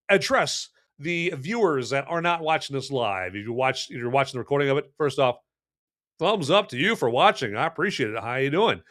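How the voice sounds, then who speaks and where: A bright, slightly high male voice talks straight to his viewers while hosting a casual movie review podcast. He is animated and playful, with pitch and volume that swing from loud bursts to hushed asides. He is full of fillers and restarts.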